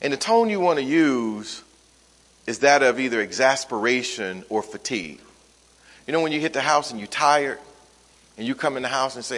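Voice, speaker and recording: A male pastor giving a sermon, swinging from loud emphatic calls to soft, weary asides. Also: medium pitch, lively intonation, normal speed. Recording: long hall reverb.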